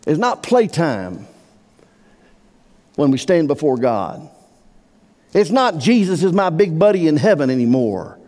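A man's voice: a little high, big pitch swings, unhurried, long pauses. Impassioned preacher man in a reverberant hall. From Iowa. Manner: impassioned preaching, swelling to near-shouts on quoted words. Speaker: pastor. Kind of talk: sermon. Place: church sanctuary.

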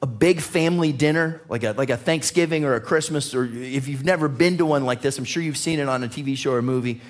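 A man preaching a sermon as pastor, telling anecdotes and reading scripture aloud in an animated way, often laughing and stumbling over repeated words. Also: medium pitch, fast talker. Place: church sanctuary.

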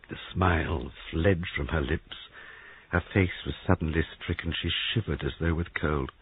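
A man narrating an audiobook in a measured, expressive way. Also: extremely low pitch, breathy edge, no echo. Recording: dry, tinny phone-like sound.

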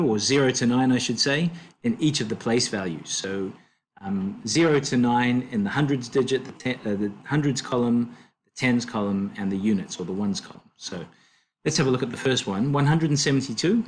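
Patient and slow, a male language tutor works through explanations using fillers and correcting himself as he goes. He has a mid-range voice, and there's slight background noise.

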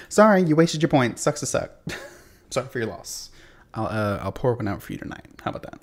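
A man's voice: medium pitch, normal speed. A man streaming a video game, swearing and joking at his chat while he plays. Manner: profane, joking, talks to chat. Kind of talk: casual gameplay commentary. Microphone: desk mic.

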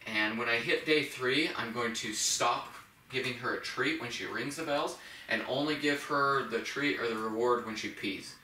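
A man who trains puppies, calmly explaining a training method step by step and softly praising the dog. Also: medium pitch, normal speed, a little hiss or hum. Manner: calm, plain explaining, with soft praise to a puppy. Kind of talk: instructional demonstration. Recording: echoey room, mic at a distance.

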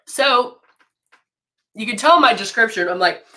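Woman, head cold, nose stuffed up; clear bright tone, chatty live-stream makeup host. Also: a little high, animated, a little slow. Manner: chatty, greets viewers by name, laughs often. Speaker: brand educator hosting a live makeup demo.

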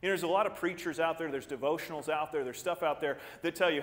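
A man preaching a sermon as pastor, animated, acting out the voices of crowds and stumbling over repeated words when excited. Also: fairly high pitch, quick pace, few pauses, big-room sound. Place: church.

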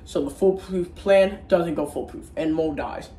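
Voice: medium pitch, moderate pace, mellow, recorded from a distance, a little hiss or hum. A casual online reviewer recapping a movie in a rambling, crude and profane way, with frequent restarts. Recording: roomy echo, faint background ambience.

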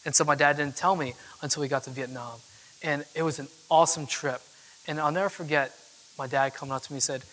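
Young man telling a story on stage, bright voice. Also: a little high, fairly quick, a little hiss or hum. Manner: casual, chatty storytelling with frequent fillers. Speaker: keynote speaker. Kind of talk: storytelling talk. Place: event hall with audience. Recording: long hall reverb.

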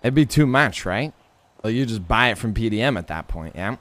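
A man's voice: fairly low pitch, expressive, brisk, fairly bright tone. A man in casual in-character game chat, teasing and repeating himself with mob-boss swagger. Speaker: role-play player as Tony.

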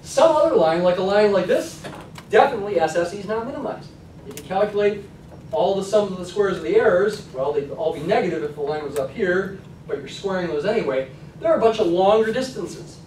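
Male stats lecturer, chatty classroom delivery, somewhat high voice, roomy distant sound. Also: lively intonation, fairly quick, darkish tone, a little hiss or hum. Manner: conversational, frequent "okay?" check-ins. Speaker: college statistics lecturer.

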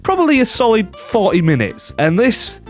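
Brief: gamer host, crude and jokey, animated and a bit high-pitched. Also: male voice, moderate pace, faint music behind. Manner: crude, joking, laughs often. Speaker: gaming channel host. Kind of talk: casual gaming chat.

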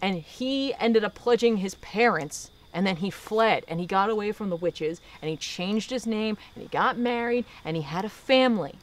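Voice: mid-range voice, expressive, moderate pace, hardly any pauses. A podcast host gives a casual recap of a comic book. The host tells the story with animation and drops into the characters' lines along the way.

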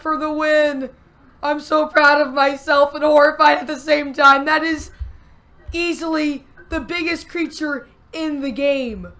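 A young woman giving excitable commentary over her own gameplay, often exclaiming and gasping. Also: high voice. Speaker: gameplay video host.

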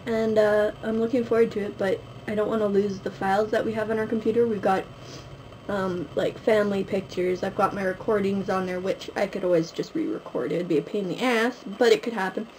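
A woman's voice: mid-range voice, steady tone, fairly quick, a little mellow, a little hiss or hum, rough recording. A young woman from Canada chatting casually to her camera at home, rambling with many fillers. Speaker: vlogger. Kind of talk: casual vlog chat to camera. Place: at home, indoors. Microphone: handheld camera, close.

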